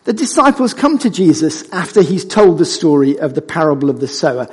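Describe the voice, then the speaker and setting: Animated husky male preacher in a reverberant church. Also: fairly high pitch, a little fast. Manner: animated and conversational, jokes with the congregation. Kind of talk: sermon. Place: church hall. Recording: church hall with long reverb.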